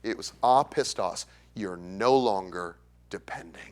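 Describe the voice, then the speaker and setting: A man's voice: deep voice, measured pace. A man preaching an evangelistic sermon in a church, who asks the congregation questions and acts out the voices of others. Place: church sanctuary.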